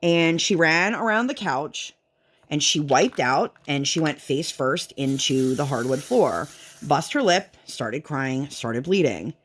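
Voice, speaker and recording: A woman's voice: low voice, expressive, slow. A woman vlogger and mother chatting casually while she works on a craft, rambling and leaning on "like" a lot. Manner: rambling, chatty, heavy use of "like".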